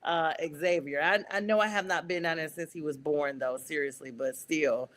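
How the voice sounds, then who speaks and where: A woman from North Carolina with a Southern accent, hosting a casual sports talk show, chatty and quick to laugh. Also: deep voice. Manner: chatty, laughs often, animated asides.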